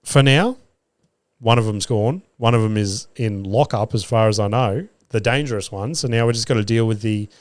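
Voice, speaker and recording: An Australian podcast host and stand-up comedian tells stories in a casual monologue, swearing freely and acting out his own quoted lines. His voice is lowish at a normal pace, with no room sound.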